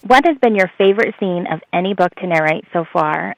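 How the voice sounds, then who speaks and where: A woman's voice: lowish voice, lively intonation, fairly quick, vocal fry, no echo, lo-fi sound. A woman author co-hosting an interview, reading friendly prepared questions to a guest.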